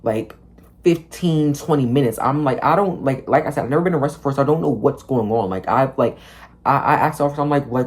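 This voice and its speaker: A young man telling his story straight to the camera, rambling and casual, and full of "like". He swears freely and uses street slang. He acts out the other people in his story with quick changes in voice. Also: medium pitch. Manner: rambling, heavy use of "like", profane slang; animated storytelling, acting out officers and himself. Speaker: vlogger. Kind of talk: storytime monologue.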